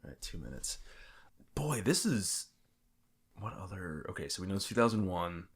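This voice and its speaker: A man's voice: sits low, big pitch swings, moderate pace, breathy edge. A man co-hosting a podcast, talking casually and thinking aloud as he tries to guess a movie. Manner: thinks aloud, muttering to himself. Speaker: podcast co-host, guessing player. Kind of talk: casual chat.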